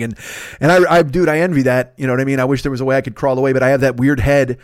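A man in his fifties, a podcast host rambling through a profane, animated casual monologue. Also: medium pitch, rapid-fire, no room sound, clean studio sound. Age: 50s.

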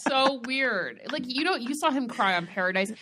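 Podcast co-host: a woman, pitch bounces a lot, quick to agree. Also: expressive, bright, forceful tone. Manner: agreeable, quick yeses and laughs. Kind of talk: casual chat.

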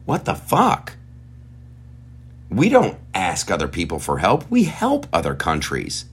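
A man's voice: low voice, huge pitch swings, measured pace, slightly rough. Heated, profane man ranting. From United States. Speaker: podcast host. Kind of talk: ranting podcast monologue.

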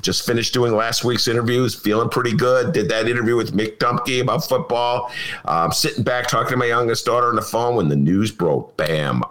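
Middle-aged host, sarcastic political commentary, animated bright delivery. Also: male voice, fairly low pitch. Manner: animated, sarcastic, mocking impressions. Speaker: podcast host. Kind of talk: opinionated political talk.

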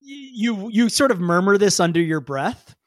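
A woman's voice: on the low side, moderate pace, no echo, studio quality. A woman narrating as game master of a tabletop role-play, talking loosely with many fillers. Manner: animated, voices many characters, frequent fillers.

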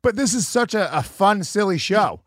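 A man's voice: high voice, sing-song, moderate pace, dry recording, clean studio sound. A man hosting a podcast, talking in rambling, self-deprecating banter with plenty of swearing. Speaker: podcast host.

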